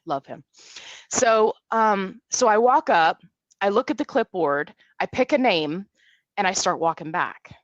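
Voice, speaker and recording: Animated woman in her forties telling a story. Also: mid-range voice, unhurried, dry recording, highs cut off. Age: 40s. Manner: animated storyteller, acts out quotes. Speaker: guest. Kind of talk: casual storytelling in a podcast interview.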